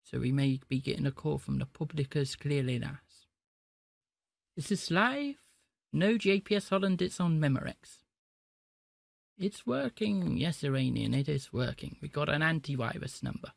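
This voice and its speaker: A man's voice: on the high side, moderate pace, creaky, dry recording. A man live-streaming, chatting to viewers and prank-calling scammers. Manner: chatty, talks to chat between calls.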